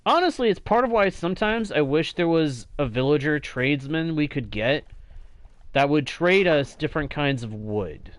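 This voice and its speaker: A man's voice: on the high side, lively intonation, moderate pace. A man with a slightly nasal voice, chatting casually with viewers while live-streaming a game, thanking them often and laughing easily.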